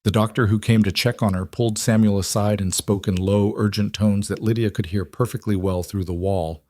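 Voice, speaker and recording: A man narrating a story in a steady, measured reading. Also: on the low side, dry recording, clean studio sound.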